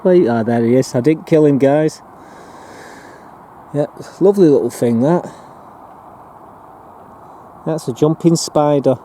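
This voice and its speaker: A man's voice: medium pitch, measured pace, pauses often, mellow, slight background noise. A man, chatting casually and rambling through fillers as he walks a tour of his allotment garden. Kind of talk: casual walking tour narration. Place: outdoor allotment garden in a town.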